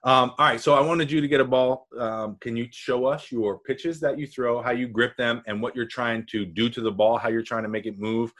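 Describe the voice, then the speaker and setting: A man's voice: medium pitch, fairly even intonation, normal speed, hardly any pauses, a bit bright. A man hosting a podcast, asking questions in a casual, joking way and teasing his guest. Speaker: podcast host. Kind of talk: casual interview chat.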